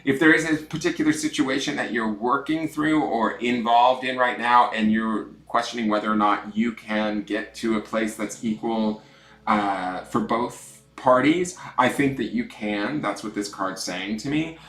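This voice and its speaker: A man hosting a casual tarot livestream from home, chatty and self-mocking, swinging between loud greetings and mumbled asides. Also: mid-range voice, moderate pace, roomy sound. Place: room at home with dogs snoring nearby.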